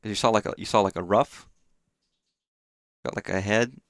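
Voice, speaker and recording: A man with a lowish voice talks loosely while he plays a game on a live stream, full of fillers and casual swearing. The sound is dry and close, with no room around it. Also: fairly even intonation, moderate pace, no echo. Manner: rambling, swears often, frequent fillers. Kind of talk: casual live gameplay chat.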